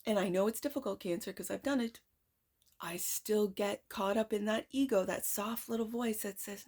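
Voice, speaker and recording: A woman giving a tarot reading to camera in an excited, emphatic way. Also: medium pitch, brisk. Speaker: tarot card reader.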